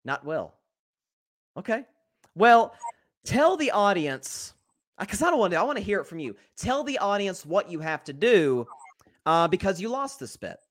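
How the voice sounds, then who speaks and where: East Tennessee man hosting a sports podcast, high voice, upbeat and chatty. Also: big pitch swings, a bit bright. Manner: upbeat, quick restarts and repeats. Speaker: podcast host. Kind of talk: casual sports podcast chat.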